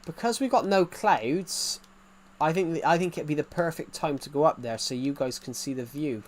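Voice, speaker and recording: A man's voice: a little high, moderate pace. Chatty man streaming a game. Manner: chatty, rambling, reacts to chat. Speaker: gaming streamer. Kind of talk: casual live-stream commentary.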